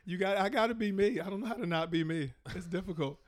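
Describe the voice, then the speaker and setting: A man from Maryland, a comedian guest in a casual podcast chat, ranting in slangy, animated bursts with mocking impressions. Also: high-pitched, quick pace. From Prince George's County, Maryland.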